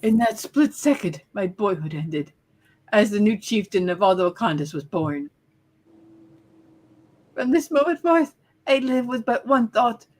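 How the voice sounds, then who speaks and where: A woman reading a grieving young prince who vows revenge, in solemn, measured first-person narration. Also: medium pitch. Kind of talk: dramatic comic narration read aloud.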